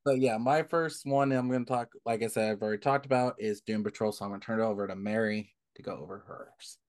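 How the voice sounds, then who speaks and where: A man's voice: on the low side, fast talker. A young man co-hosting a podcast, telling stories in casual chat and acting out what others said. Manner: relaxed storyteller, acts out quoted dialogue. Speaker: podcast co-host.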